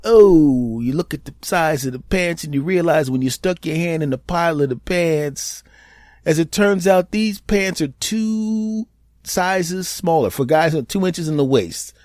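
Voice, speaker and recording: A man's voice: fairly high pitch, a little slow, a little mellow, no room sound, clean studio sound. A man hosting his own podcast, talking alone in a rambling, jokey storytelling way with frequent restarts. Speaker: podcast host. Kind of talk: casual solo podcast monologue.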